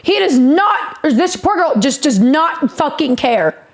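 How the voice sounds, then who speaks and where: A woman's voice: high-pitched, big pitch swings, measured pace. A woman streamer telling a rambling story in a casual, profane way, often laughing.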